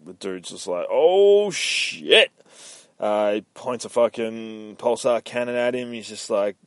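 A man hosting a comic book podcast, recapping an issue in casual, profane play-by-play and dropping into quick voice impressions. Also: on the low side, fairly even intonation, darkish tone, clean tone, dry recording.

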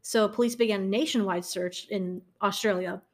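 A young woman tells a true-crime case in a loose, conversational way. She giggles between sentences, trips over her words and doubles back to fix them, filling gaps with um and like. Her pitch sits at an ordinary middle for a woman. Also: steady tone, normal speed. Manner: giggly, stumbles and corrects herself, many ums. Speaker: podcast co-host. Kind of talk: casual true-crime storytelling.

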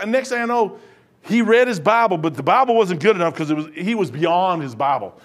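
High-voiced older man preaching, folksy. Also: a little fast. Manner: folksy, animated, swings from hushed to loud; acts out voices in his stories. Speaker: pastor. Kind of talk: preaching a sermon.

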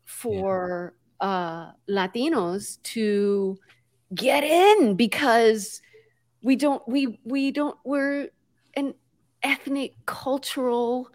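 A woman from the United States, a guest telling stories in a lively conversation, with many fillers and a few Spanish words mixed in. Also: a little high, extremely slow. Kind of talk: conversational storytelling.

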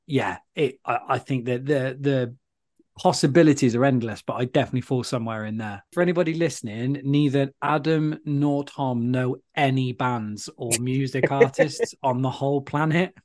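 A man's voice: medium pitch, moderate pace, darkish tone. A British man co-hosting a podcast, chatting casually and rambling a little, with lots of fillers. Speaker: podcast co-host. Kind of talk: casual chat.

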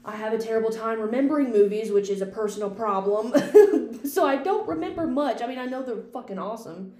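A woman's voice: a little high, lively intonation, fairly quick, mellow. A woman hosting a casual, unscripted podcast, rambling chattily about movies and swearing freely. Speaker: podcast host and film critic. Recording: echoey room with faint hum.

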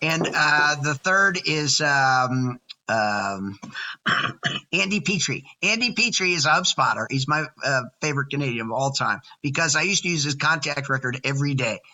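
A man's voice: on the high side, expressive, normal speed, bright, forceful tone, low-quality recording. A man in his sixties, a podcast guest chatting casually with energy and jokes, laying out his points by number. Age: 60s. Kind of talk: casual chat.

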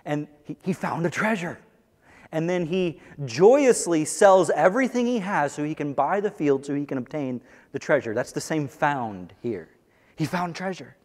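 Man preaching in an echoey hall. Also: sits high. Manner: earnest, building to excited bursts. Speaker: pastor. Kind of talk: sermon. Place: church sanctuary. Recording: long echo of a large hall.

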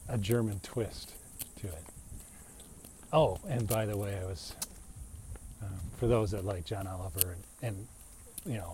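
A man's voice: on the low side, a little mellow, slight background noise. Rambling, chatty American man. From United States. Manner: rambling, chatty, laughs often. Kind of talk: casual storytelling monologue.

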